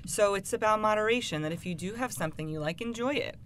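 Woman guest expert, steady and even advice, slight background hiss. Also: medium pitch. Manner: calm, measured, lots of you-know fillers. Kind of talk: casual advice chat.

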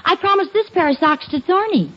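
A woman's voice: extremely high pitch, expressive, brisk. A woman acting a sweet, affectionate wife in a 1940s radio sitcom, muffled old recording. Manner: sweet, affectionate, gently teasing.

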